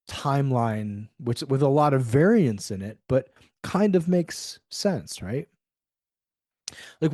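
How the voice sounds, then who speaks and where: A middle-aged man speaks candidly as a guest in a conversational podcast interview, acting out quoted dialogue with animation. His voice is medium-pitched and a little mellow. The recording is studio quality, with no room sound.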